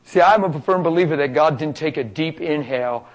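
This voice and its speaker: Excitable male preacher, middle-aged, fairly high voice, swings from quiet storytelling to loud peaks. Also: fairly quick, muffled recording. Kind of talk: healing testimony sermon.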